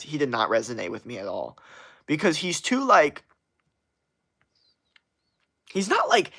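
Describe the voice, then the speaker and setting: A man's voice: mid-range voice, gravelly, fairly bright tone. A young man hosting a livestream, answering chat in a blunt, profane, rambling rant that repeats itself. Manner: blunt, profane, talks fast in bursts and repeats himself. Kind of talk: casual unfiltered rant.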